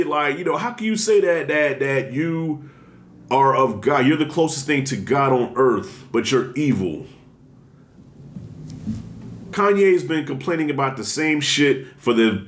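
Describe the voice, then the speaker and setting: A man giving blunt, animated commentary in a casual vlog, talking with heavy slang and strong emphasis. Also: medium pitch. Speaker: commentary vlogger. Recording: roomy echo.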